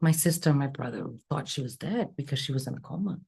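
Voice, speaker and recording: A woman psychic medium telling a personal story in an interview, animated and acting out the dialogue. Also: low voice, fast, creaky, breathy edge. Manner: animated, acts out quoted dialogue. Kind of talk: emotional storytelling.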